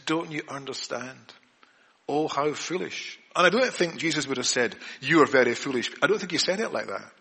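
A man's voice: mid-range voice, pushed and bright. A man preaching an evening church sermon in an earnest way, often repeating words and restarting. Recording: long reverb of a church hall.

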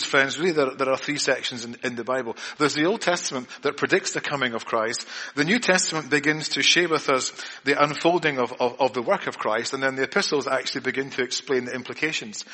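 A man's voice: medium pitch, sharp tone, slightly rough. A man preaching an evening church sermon in an earnest way, often repeating words and restarting. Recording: long reverb of a church hall.

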